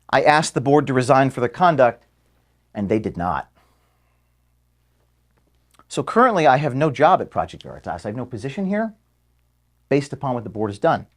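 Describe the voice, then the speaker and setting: A man, the founder of an organization, giving an earnest farewell speech to his staff in an office. He is emotional and halting, with restarts and pauses, and is being filmed. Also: mid-range voice, very animated. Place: office room at headquarters. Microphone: filmed by camera.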